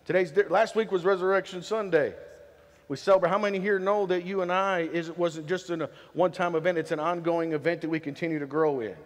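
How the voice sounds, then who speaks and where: A man preaching in a church with a high, ringing voice that trails off into a long reverb. He works the congregation with repeated questions, lively and preachy. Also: quick pace. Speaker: pastor. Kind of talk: sermon. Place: church sanctuary.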